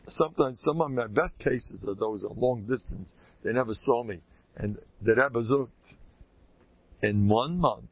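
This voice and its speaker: A man, a rabbi, teaching a lively religious class, telling anecdotes with bursts of loud emphasis. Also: mid-range voice, gravelly, slightly rough, dull audio.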